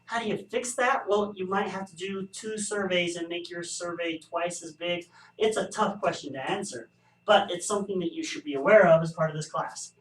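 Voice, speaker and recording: A man's voice: high voice, steady tone, normal speed. A man teaching a statistics class, explaining survey bias with wry, joking asides. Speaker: statistics instructor. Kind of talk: recorded classroom lecture. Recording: echoey room, distant mic.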